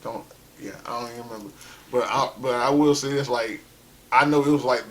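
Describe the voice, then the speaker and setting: A man's voice: medium pitch, steady tone, normal speed, fairly bright tone. A man from South Carolina, telling his life story in a loose, conversational way with lots of "you know" and "like". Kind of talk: casual spoken storytelling.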